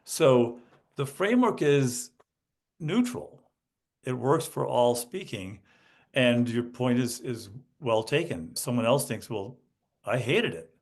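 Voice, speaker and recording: A man, a guest educational consultant on a podcast, explaining speaking skills and acting out examples with lively emphasis. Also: medium pitch, slow pace. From United States. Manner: animated, demonstrates emphasis by acting out student lines. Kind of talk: podcast interview.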